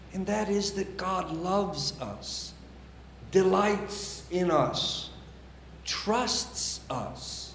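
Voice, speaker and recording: A man preaching a sermon as pastor, measured and emphatic, with deliberate pauses. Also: high voice, a bit bright, roomy sound, slight background noise. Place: church sanctuary.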